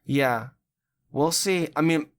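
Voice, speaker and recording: A man hosting a podcast in casual chat, talking in an animated way, swearing freely and often laughing. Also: fairly high pitch, takes it slowly. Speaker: podcast host.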